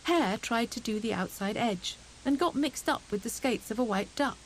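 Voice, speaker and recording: A woman narrating a children's storybook audiobook in a gentle, expressive storytelling manner. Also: fairly high pitch, moderate pace, a little hiss or hum, rough recording.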